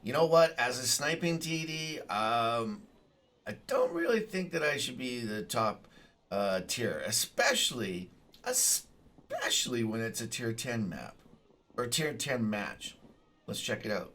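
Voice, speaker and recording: A man giving casual commentary over his own gameplay, excitable, swearing and bursting into shouts. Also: medium pitch, measured pace, distant mic.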